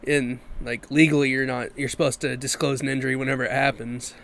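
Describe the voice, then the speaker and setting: A man's voice: mid-range voice, fast talker, vocal fry. A man hosting a casual sports podcast on a video call, laid-back, steering the topics. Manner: relaxed, runs the topics and ad reads. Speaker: podcast host.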